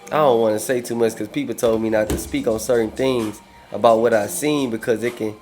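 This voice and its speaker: A man speaks in at a mid pitch, telling a story with lots of energy and frequent laughs. His talk is loose and full of swearing. A faint bed of music runs under the conversation. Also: fairly quick. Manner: animated, laughing often, swears freely. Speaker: podcast guest. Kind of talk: casual storytelling.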